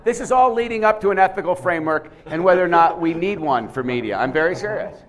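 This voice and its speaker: Man, lecturer, higher pitch, audience quiz, animated, repetitive phrasing. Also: fast talker. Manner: animated, questioning the audience, repeats words. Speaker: seminar speaker running a quiz. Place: conference room with a live audience.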